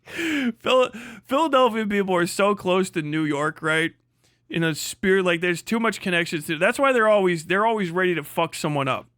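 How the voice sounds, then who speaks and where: A young man rants on a livestream, crude and sarcastic, laughing between jabs. His voice is a little high, and it comes out bright and cutting. The mic is close and dry. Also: expressive, normal speed, dry recording. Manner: crude, sarcastic, laughs often, answers chat. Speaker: livestream host. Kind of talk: profane ranting stream chat.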